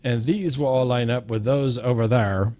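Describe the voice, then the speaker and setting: A man's voice: mid-range voice, normal speed, warm tone, slight background noise. A man giving casual, playful gameplay commentary, chanting counts and joking at his own expense. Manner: self-mocking, goofy asides.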